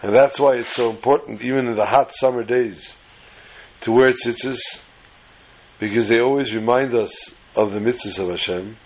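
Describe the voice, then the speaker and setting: A man's voice: mid-range voice, moderate pace, a little mellow, breathy edge, low-quality recording. A man giving an emphatic, lecturing sermon-style scripture lesson as a religious teacher.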